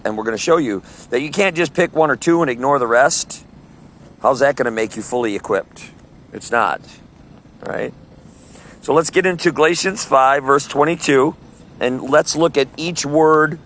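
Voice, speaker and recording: A man's voice: medium pitch, slight background noise. A man teaching a Bible study in sermon style, emphatic and full of rhetorical questions, stretching out Greek words. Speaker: preacher.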